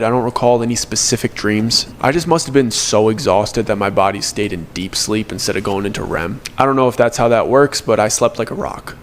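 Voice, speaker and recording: A man's voice: medium pitch, slight background noise. A young man narrating a personal story in the first person, earnest and confessional, now and then correcting himself.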